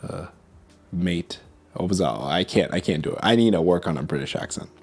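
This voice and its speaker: A man's voice: low-pitched, animated, fast talker, darkish tone, husky. A man streaming as a vtuber, chatting casually about food and reading chat, switching between English and Mandarin.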